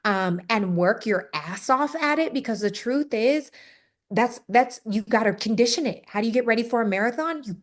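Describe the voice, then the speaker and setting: A woman from Canada, a podcast guest, talking candidly and emotionally about a hard stretch of her life. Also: fairly high pitch. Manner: candid, emotional storytelling with lively swings. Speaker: podcast guest, speaker and entrepreneur. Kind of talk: casual interview talk.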